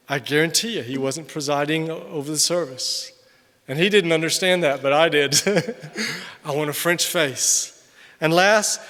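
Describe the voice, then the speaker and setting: Man, older, missionary speaker, animated sermon, bright tone, long hall reverb. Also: high voice. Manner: animated, swings between loud emphasis and quiet asides. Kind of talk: conference sermon. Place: large hall.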